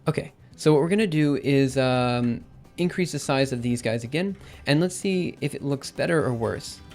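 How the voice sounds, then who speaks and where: A man's voice: medium pitch, normal speed, a little mellow, faint music behind. A young man streaming his programming session, thinking aloud with lots of fillers and self-corrections, his voice a bit worn. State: losing his voice. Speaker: livestreaming programmer. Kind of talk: casual live coding commentary.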